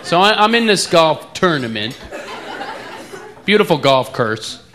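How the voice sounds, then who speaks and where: A man's voice: sits high, lively intonation, a little fast. A man with an East Coast American accent doing a playful stand-up routine in a comedy club, teasing the audience. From eastern United States. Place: comedy club in front of a loud crowd. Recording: live club recording with loud crowd noise.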